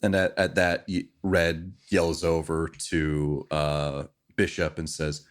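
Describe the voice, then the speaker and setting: A man narrating as game master of a tabletop role-playing game, easygoing and quick to laugh. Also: very deep voice, level tone.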